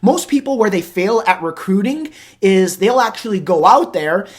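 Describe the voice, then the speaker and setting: Animated, rambling male host. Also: high voice, normal speed. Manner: animated, rambling, acts out conversations. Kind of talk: casual interview chat.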